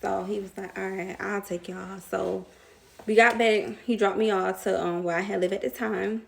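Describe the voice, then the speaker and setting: A woman's voice: medium pitch, fairly even intonation, moderate pace, vocal fry, slight background noise. A young woman telling a casual storytime to her viewers, slangy and chatty, laughing often.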